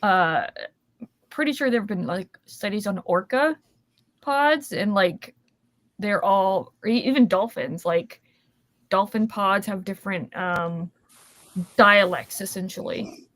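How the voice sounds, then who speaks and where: A woman guest on a casual video-call chat, friendly and quick to laugh, often restarting her sentences. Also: mid-range voice, a bit bright, no room sound.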